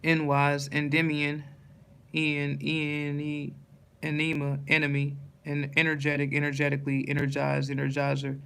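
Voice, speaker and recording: A man reading dictionary entries aloud one by one in a steady list, stumbling and restarting on hard words. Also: fairly high pitch, moderate pace, gravelly, smooth.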